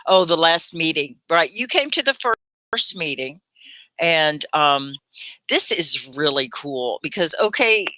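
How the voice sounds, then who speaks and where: Woman, ESL livestream host, patient pronunciation drills, crisp bright tone, dry. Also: sits low, animated, no room sound. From United States. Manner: slow, clear spelling and pronunciation drills. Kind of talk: casual teaching chat.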